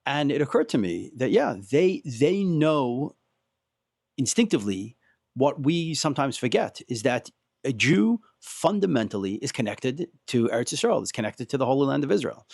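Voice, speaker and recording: A man's voice: mid-range voice, very animated, moderate pace, vocal fry, darkish tone, no room sound. Host: thoughtful man, agreeable, dry close sound. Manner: thoughtful, agreeing, asks long questions. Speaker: podcast host. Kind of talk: casual interview.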